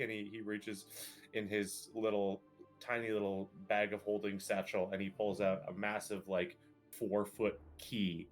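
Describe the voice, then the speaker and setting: A man's voice: lowish voice, level tone, unhurried, faint music behind. A man narrating a tabletop game as game master, in a rambling, loose way.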